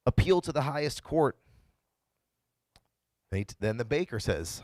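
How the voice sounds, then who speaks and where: A man's voice: medium pitch, expressive, measured pace, darkish tone, no room sound. A man pastor giving a casual, conversational sermon and retelling the story in his own words. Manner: conversational, playfully voices the characters he quotes.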